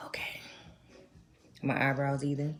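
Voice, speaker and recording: A young adult woman from the United States chatting casually to her viewers, telling a trip story in animated, slangy talk. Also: extremely low pitch, takes it slowly, whispered. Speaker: vlogger. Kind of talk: casual chat to camera.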